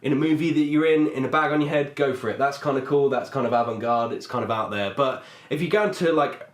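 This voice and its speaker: A man's voice: mid-range voice, quick pace. A man, co-hosting a podcast, rambling and joking crudely in casual chat. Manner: rambling, laughs a lot, crude jokes. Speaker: podcast host. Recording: echoey room.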